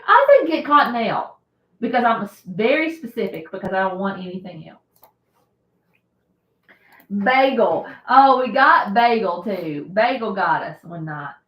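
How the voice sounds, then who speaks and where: A woman's voice: mid-range voice, expressive, measured pace, muffled recording. A woman hosting a casual live stream, chatting and laughing often as she answers viewer comments. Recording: roomy echo.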